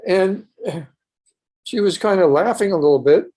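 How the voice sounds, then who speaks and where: A man's voice: sits high, animated, normal speed, mellow. Older man telling his story earnestly. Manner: earnest, rambling with restarts. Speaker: podcast guest. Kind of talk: personal storytelling.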